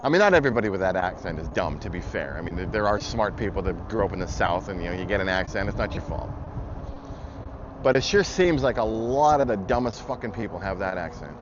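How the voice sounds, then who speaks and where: This vlogger's voice is low, animated, and fast as he delivers an angry, blunt political rant packed with profanity. Loud traffic noise comes through the muffled recording.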